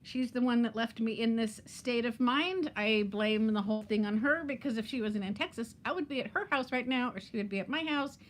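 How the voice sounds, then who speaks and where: A woman's voice: a little high, a little fast, hardly any pauses. A woman in her fifties chatting casually on a live stream, laughing often and greeting viewers by name. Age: 50s. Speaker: vlogger hosting a live chat.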